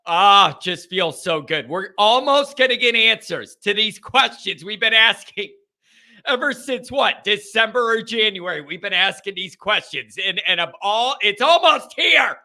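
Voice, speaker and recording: A man's voice: high-pitched, a little slow, bright, forceful tone. A man hosting a sports call-in show, hyping up his listeners with a rallying monologue. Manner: hyped, rallying the audience. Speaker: podcast host.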